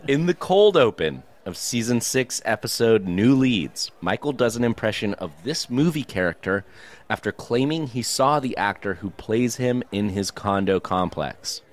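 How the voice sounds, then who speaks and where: A man's voice: lowish voice, normal speed. A man hosting a podcast trivia round, laughing often as he reads questions and plugs the show. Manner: laughs often, lively quizmaster. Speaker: podcast host reading listener trivia. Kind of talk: casual chat.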